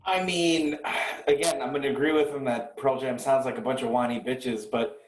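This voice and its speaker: A man in casual chat, sarcastic and foul-mouthed as he rants about rock stars. His voice sits at a middle pitch and rings in a roomy, echoey space. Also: fairly even intonation, normal speed. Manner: profane, ranting and sarcastic. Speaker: podcast co-host.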